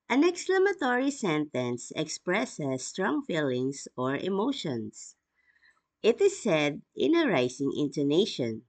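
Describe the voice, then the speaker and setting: Woman teacher for a kids' grammar video, lower voice, hugely expressive sing-song delivery, unhurried pace. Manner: slow, clearly spoken, lively intonation. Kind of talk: scripted lesson for kids.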